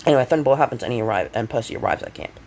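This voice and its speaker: A young man casually retells a fan story he made up, rambling with lots of fillers and self-corrections and occasionally coughing or clearing his throat. His medium-pitched, darkish voice is animated and very fast, with slight background noise.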